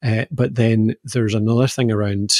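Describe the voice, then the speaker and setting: A Scottish man co-hosting a podcast, easily explaining voice warm-ups and playfully demonstrating vowel sounds. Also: on the low side, fairly even intonation, moderate pace, no room sound, clean studio sound. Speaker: podcast co-host explaining voice skills. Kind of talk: casual podcast chat.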